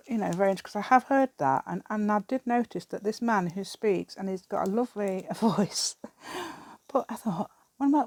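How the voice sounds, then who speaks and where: In a dry recording, a medium-pitched voice with a darkish tone belongs to a middle-aged English craft vlogger. She talks casually and rambles while crafting, laughing often.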